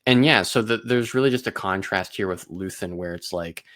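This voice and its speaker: A man hosts a casual review conversation, laying out his thinking in long analytical stretches. His voice sits a little low, and the recording is close and dry with no room sound. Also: moderate pace, fairly bright tone, no room sound. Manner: analytical, talks in long explanations. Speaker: podcast host.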